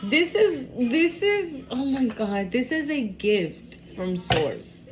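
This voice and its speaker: A woman giving a casual tarot reading to camera. She is animated and expressive, swears freely and talks aloud to spirit. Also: high-pitched, slow pace, noisy background. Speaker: tarot card reader.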